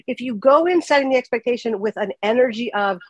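A woman podcast co-host chatting casually in a folksy storytelling way. Her voice sits a little high, and her words tumble out quickly. The sound is dry and close-miked. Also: darkish tone, breathy edge, dry recording, low-quality recording. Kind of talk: casual chat.

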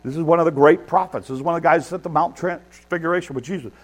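A man's voice: fairly high pitch, quick pace. A man preaching a sermon in an earnest, conversational way, building emphasis as he makes his points. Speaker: pastor. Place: church.

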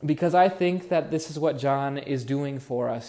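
A man's voice: mid-range voice, moderate pace, few pauses, a little mellow. A man preaching a sermon as pastor, earnest and musing, leaning on words for emphasis. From Oregon.

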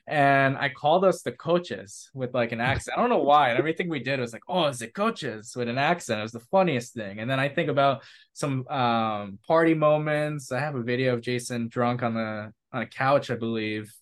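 A young adult man co-hosting a podcast, telling college stories in an upbeat, animated way and often joking. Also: medium pitch. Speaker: podcast co-host. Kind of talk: casual chat.

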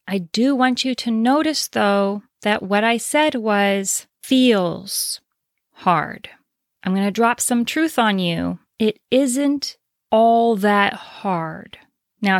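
A woman's voice: medium pitch, dry recording, studio quality. Earnest woman giving relationship advice. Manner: earnest, reassuring, emphatic repetition. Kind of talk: direct-to-camera advice talk.

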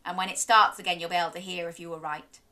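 A woman's voice: fairly low pitch, level tone, quick pace, bright, forceful tone. A young woman reading a children's story aloud, sing-song and encouraging, gasping and inviting little listeners to join in.

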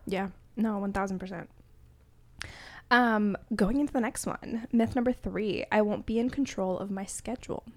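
A woman co-hosting a podcast, leading the questions in a relaxed, conversational way. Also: medium pitch, normal speed. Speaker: podcast co-host. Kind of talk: casual chat.

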